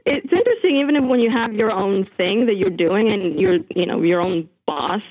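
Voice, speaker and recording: A young woman with a Bulgarian accent calls into a podcast over a tinny phone line. Her voice is slightly husky and sits at a middle pitch. She hesitates and fills gaps with ums. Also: lively intonation, normal speed, dry recording. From Bulgaria and Russia. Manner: hesitant, many ums, laughs nervously. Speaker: caller.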